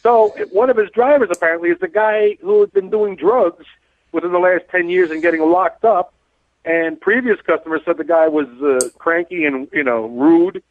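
A man's voice: sits high, moderate pace, no echo. A man, a cab driver hosting a talk radio show, blunt and rambling as he tells stories. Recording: tinny phone-like dry sound.

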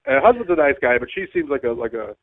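A man calling in to a talk show, a taxi driver telling a long story in an animated, rambling way with many stammered repeats. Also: mid-range voice, rapid-fire, dry recording. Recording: tinny phone line.

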